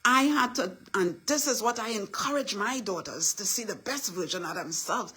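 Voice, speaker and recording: A middle-aged woman, giving a motivational talk in a husky voice with repetitive affirmations and a preachy manner. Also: medium pitch, lively intonation, normal speed, hardly any pauses, sharp tone. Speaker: motivational speaker.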